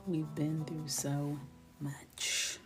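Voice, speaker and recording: A woman hosting a coloring livestream, chatting candidly and dropping into soft asides as she works. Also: low-pitched, flat delivery, drawn-out words, music in the background. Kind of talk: casual chat while coloring.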